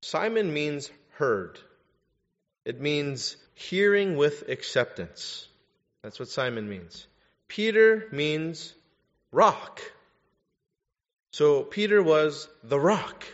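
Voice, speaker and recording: A man's voice: on the high side, sing-song, drawn-out words, pauses often. A male pastor preaching a sermon, emphatic and full of rhetorical questions. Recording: echoey hall, dull lo-fi sound.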